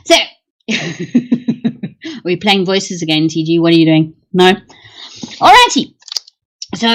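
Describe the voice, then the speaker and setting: A woman's voice: medium pitch, poor audio. A middle-aged woman chatting on a livestream, loose and exclamatory, swearing casually as she reads dream meanings. Her voice sits in a medium range.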